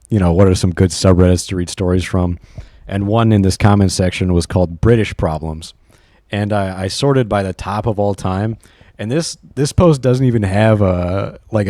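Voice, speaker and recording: Casting: young guy, low mellow voice, profane rambling story reader, talks while driving. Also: no echo, studio quality. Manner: rambling, profane, laughs often. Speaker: vlogger reading online stories. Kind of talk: casual chat reading stories aloud.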